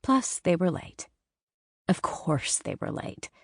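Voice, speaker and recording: A woman's voice: on the low side, sing-song, slow, no room sound, clean studio sound. A woman narrating a self-help audiobook in a wry, conversational reading. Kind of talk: scripted narration.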